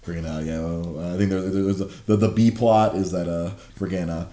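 A man with a fairly low voice chats loosely, leaning on fillers and curse words. The sound is roomy and echoey, as if recorded in a bare room. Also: fairly even intonation, fairly quick, dark tone. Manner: rambling, profane, lots of fillers. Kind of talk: casual chat.

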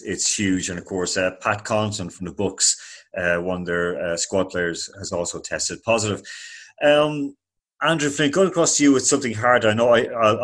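A man's voice: on the low side, fairly bright tone. A man hosting a sports discussion panel, talking with many fillers and restarts. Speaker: host.

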